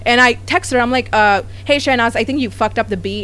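Woman, vlogger, gossipy casual chat, lively storytelling, slightly high voice. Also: brisk. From United States. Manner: animated storytelling, quoting others.

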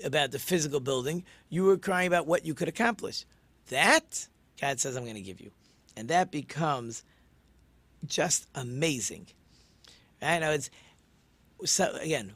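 A man's voice: fairly high pitch, a bit bright, no echo. A man, a rabbi who hosts a short talk show, teaching in an earnest, casual way and often restarting his words. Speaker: rabbi and podcast host.

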